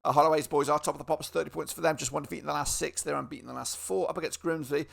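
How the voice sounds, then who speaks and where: A man's voice: on the high side, fairly even intonation, racing, vocal fry, a bit bright. A man hosting a football predictions video in a chatty, informal way, with fillers and repeated words. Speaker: football predictions channel host. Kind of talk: casual football predictions commentary.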